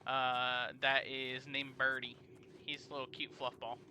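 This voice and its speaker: A man's voice: mid-range voice, completely flat delivery, a little slow, bright, forceful tone, slight background noise. A young man casually commenting on a game during a live stream, laid-back and slangy, rambling between actions. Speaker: let's play streamer. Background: game music.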